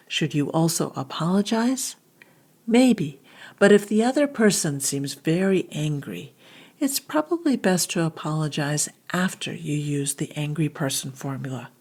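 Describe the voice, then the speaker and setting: A woman hosting a children's podcast as a psychologist, gently teaching step by step in an encouraging way. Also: lowish voice, husky.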